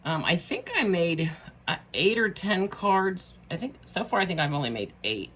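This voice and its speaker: A middle-aged woman, chatting through a casual craft tutorial, bubbly and quick to laugh at herself. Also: fairly low pitch, big pitch swings, fairly bright tone, slight background noise. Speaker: craft vlogger.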